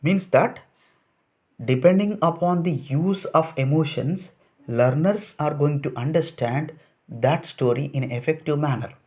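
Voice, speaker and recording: Indian-accented man lecturing, higher voice. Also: a little slow, a little mellow. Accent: Indian English. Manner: repetitive, list-like explaining with rhetorical questions. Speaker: teacher educator. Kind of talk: lecture to trainee teachers.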